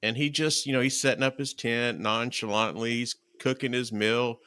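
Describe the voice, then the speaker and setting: A man hosting a podcast, telling a lively story and acting out the quoted lines in casual chat. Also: mid-range voice, normal speed, clear, resonant tone, no room sound. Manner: lively, acts out quoted dialogue. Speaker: podcast host.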